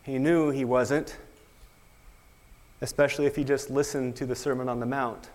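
A man's voice: mid-range voice, flat delivery, moderate pace, darkish tone, long reverb tail. A man preaching a sermon, emphatic, with rhetorical questions. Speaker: pastor.

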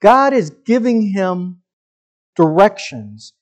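A man preaching a sermon with a slightly high voice. He talks in a conversational way and keeps checking in with his listeners. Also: expressive, unhurried, darkish tone. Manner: conversational, asks the congregation questions. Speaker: pastor.

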